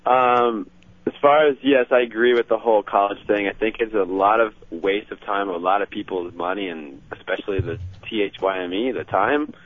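A man's voice: on the low side, moderate pace, no echo. A man calling in to a radio show, talking in a laid-back, rambling way. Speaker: caller. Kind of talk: phoned-in talk radio call. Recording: tinny phone line, dry.

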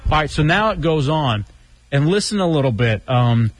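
A man's voice: fairly high pitch, animated, moderate pace. A man hosting a radio show, chatting casually, joking and reading quotes aloud. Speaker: radio host.

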